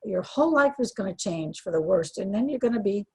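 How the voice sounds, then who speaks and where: A woman's voice: mid-range voice, expressive, fairly quick, dark tone, slightly rough, low-quality recording. An older woman speaking earnestly and from the heart as an interview guest, with frequent restarts. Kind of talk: emotional personal interview.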